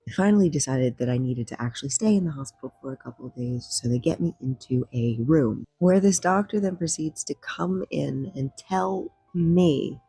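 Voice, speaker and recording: Husky, low-voiced woman telling ASMR stories. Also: dry recording, rough recording. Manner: soft-spoken, wry. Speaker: ASMR storyteller. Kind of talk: ASMR storytelling.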